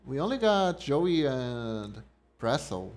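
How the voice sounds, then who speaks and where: Slow-talking young man streaming a game. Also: mid-range voice, very animated, a little mellow. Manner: slow, musing, reads game text aloud. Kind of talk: casual game commentary. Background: faint game music.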